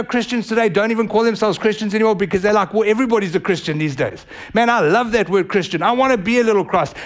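A male pastor preaching a sermon, telling a story and building to fervent, urgent preaching. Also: high voice. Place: church sanctuary.

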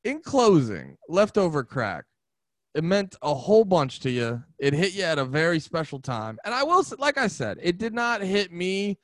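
Male co-host from New Jersey, slightly high voice, crude laughing banter, dry close mic. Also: normal speed, dry recording. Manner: laughing, crude, animated storytelling. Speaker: podcast co-host. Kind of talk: casual chat.

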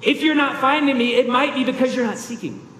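A man's voice: extremely high pitch, a little fast, a bit bright, roomy sound, in a large hall, a little hiss or hum, poor audio. A man preaching a sermon as a pastor, earnest and emphatic, with rhetorical questions.

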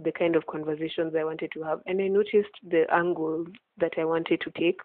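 A woman's voice: low-pitched, fairly even intonation, fairly quick, no echo. A woman hosting a faith podcast, talking earnestly in casual chat and laughing often. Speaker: podcast host. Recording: tinny phone-like line, dry.

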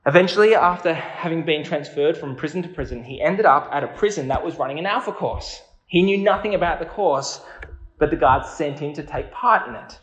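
A man's voice: a little high, a little fast, fairly bright tone, echoey room, highs cut off. A man preaching a sermon in an earnest, conversational way, asking his listeners questions.

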